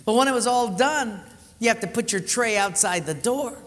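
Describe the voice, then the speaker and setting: A man's voice: very high-pitched, normal speed. A man preaching a sermon, telling stories and acting out the voices of the people in them. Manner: animated storytelling, acts out quoted voices. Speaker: pastor. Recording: live hall reverb.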